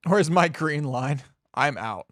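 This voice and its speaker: A young man livestreaming, reacting to market swings with swearing, laughter and excited exclamations. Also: a little high, slow pace. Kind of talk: excited live stream commentary.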